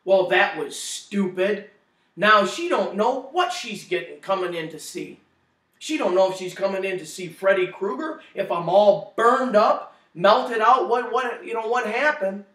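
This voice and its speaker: A middle-aged man giving a spoken testimony, telling his story in an animated way and acting out the quotes loudly. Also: sits high. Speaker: testimony speaker. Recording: echoey room, distant mic.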